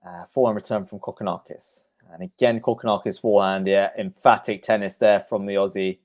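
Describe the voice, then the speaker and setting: A man's voice: lowish voice, fairly even intonation, fairly quick, a little mellow. A man giving live play-by-play of a tennis match on a stream, calling each shot in turn and answering chat comments between points.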